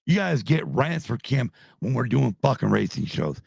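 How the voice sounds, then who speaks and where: Host in his 50s, husky and heated, profane live rant. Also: medium pitch, sing-song, normal speed, darkish tone, no echo, clean studio sound. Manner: angry, swearing, heated. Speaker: podcast host.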